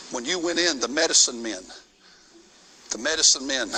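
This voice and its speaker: Animated preacher man. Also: mid-range voice, slight background noise, rough recording. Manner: folksy, animated, swinging from shouting to hushed. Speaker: missionary preacher. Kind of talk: sermon storytelling. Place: church sanctuary.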